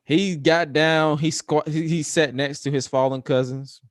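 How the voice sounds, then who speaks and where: A man giving an animated casual recap of a match, acting out the scenes he describes. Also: fairly high pitch, measured pace, no room sound, clean studio sound. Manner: acts out scenes with exaggerated quoted voices. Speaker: wrestling show co-host.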